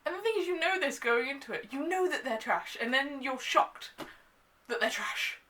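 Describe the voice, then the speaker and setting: A young woman giving a casual, exasperated book review, full of "like" and quick asides. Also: high-pitched. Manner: animated, exasperated, filler-heavy with frequent "like". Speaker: book vlogger.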